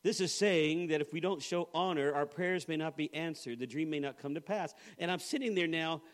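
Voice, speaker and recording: High-voiced man preaching a story sermon. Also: brisk. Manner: storytelling with humor, acting out quoted voices. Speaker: pastor.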